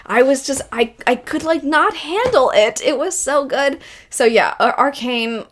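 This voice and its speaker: A woman's voice: high-pitched, expressive, measured pace, a bit bright. A young woman hosting a video essay, gushing and rambling with emotion about stories she loves. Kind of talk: casual enthusiastic commentary.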